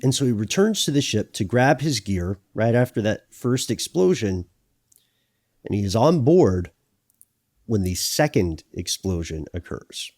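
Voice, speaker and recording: A man with a fairly deep voice co-hosts a podcast, swinging his pitch widely as he tells the story. He jokes and acts out little scenes along the way. The sound is close and dry, with no room in it. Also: unhurried, no echo. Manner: animated, jokey storytelling with acted-out asides. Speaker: podcast co-host. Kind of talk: conversational podcast banter.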